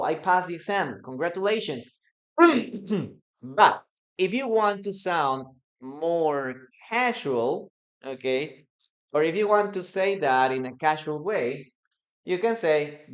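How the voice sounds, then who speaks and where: Here a mid-range-voiced teacher from Peru gives a relaxed English lesson in two languages, acting out little sample conversations and tacking "no?" onto her explanations. Sound quality is slightly dull and lo-fi.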